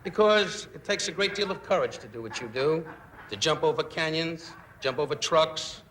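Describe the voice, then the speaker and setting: A middle-aged man delivering rapid-fire insult jokes with mock tenderness at a celebrity roast. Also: a little high. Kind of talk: stand-up roast. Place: large banquet stage. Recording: echoey stage with loud audience noise.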